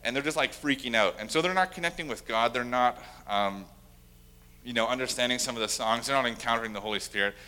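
Young adult man, pastor, bright forceful voice, casual sermon, acts out quotes. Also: medium pitch, fast talker, clear, resonant tone. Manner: conversational, self-deprecating preaching with acted-out quotes.

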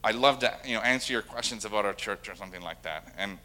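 A young adult pastor preaching in a loose, conversational way, with a bright, forceful voice. He talks to his congregation like friends and slips into little acted-out quotes. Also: on the low side, fast talker. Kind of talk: sermon.

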